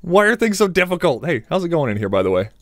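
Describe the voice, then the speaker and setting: A man's voice: fairly high pitch, very animated, fast, fairly bright tone, dry recording, clean studio sound. A young man doing crude, joking let's play commentary, laughing and talking back to game characters. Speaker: gamer.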